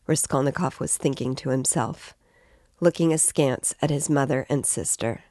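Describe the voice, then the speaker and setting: A woman reading a classic novel aloud in measured, even narration as a regular guide. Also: a bass voice, no echo, clean studio sound. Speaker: reader and guide.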